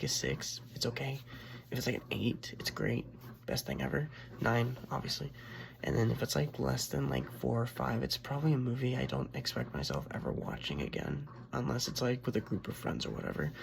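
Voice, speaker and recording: A young man with a hoarse voice from being sick, rambling through a casual movie review full of "like" and restarts. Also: medium pitch, a little hiss or hum.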